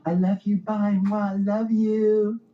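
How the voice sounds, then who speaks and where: A woman's voice: medium pitch, little pitch movement, slow, voice pushed up, lightly acted. A man putting on a giddy, tipsy vacationing woman. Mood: sweet. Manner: giddy, gushing. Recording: dull, roomy clip.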